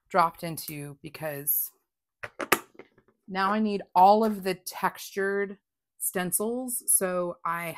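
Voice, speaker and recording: Excitable woman crafting vlogger, slow and low. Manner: excitable, gushing, drops to whispers. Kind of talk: casual unboxing chat.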